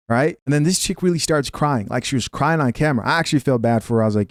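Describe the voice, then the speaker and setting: A man's voice: mid-range voice, fairly even intonation, fast talker, few pauses, dry recording, clean studio sound. A man hosting a reaction video, giving opinionated casual commentary and reading viewer comments aloud.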